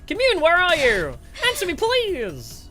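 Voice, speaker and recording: A frantic teenage girl cries out in a high, sharply rising voice, desperate and pleading, as a woman voices her for a game. Her pitch leaps wildly as she begs for her sister. Faint game music plays underneath. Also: very animated, moderate pace, fairly bright tone.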